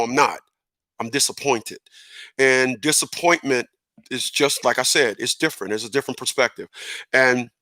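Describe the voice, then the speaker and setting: A man's voice: medium pitch, pushed and bright, dry recording. A middle-aged man giving a casual opinion monologue, emphatic and repeating words as he builds his point. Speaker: commentator.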